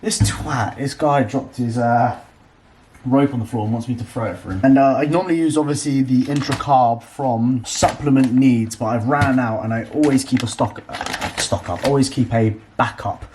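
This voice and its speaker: A man, chatting casually at home as a fitness vlogger, cheeky and quick to swear. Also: mid-range voice, a little mellow, slight background noise. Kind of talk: casual vlog chat.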